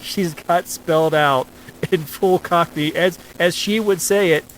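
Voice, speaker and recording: A man co-hosting a podcast, talking casually about an old film in a relaxed way, with filler words and the odd chuckle. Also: on the high side, measured pace, a little hiss or hum, poor audio. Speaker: podcast co-host.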